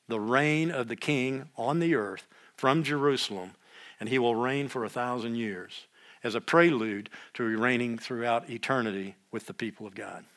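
An older man with a medium-pitched voice leads a Bible study in the style of a sermon. He reads scripture aloud at a louder volume, slips into quieter asides, and clears his throat frequently.

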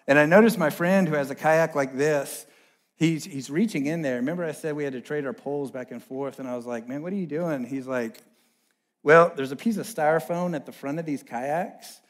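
Man, young, pastor, sermon, animated storyteller, fairly high voice. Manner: animated, self-deprecating storyteller, swings from loud to hushed.

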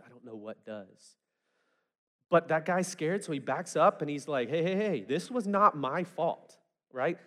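A man preaching a sermon in a conversational, storytelling way, acting out the people he quotes. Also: a little high. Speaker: pastor.

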